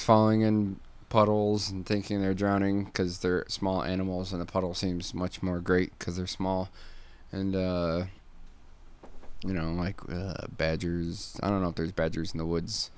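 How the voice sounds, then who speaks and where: Casual male streamer, lower voice, loose rambling storyteller who laughs a lot. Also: clean tone.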